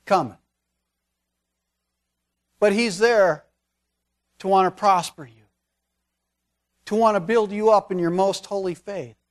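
A man preaching a storytelling sermon, conversational, with folksy asides. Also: very high voice.

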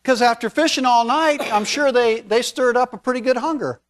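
A man's voice: very high voice, moderate pace. A man preaching a storytelling sermon, conversational, with folksy asides.

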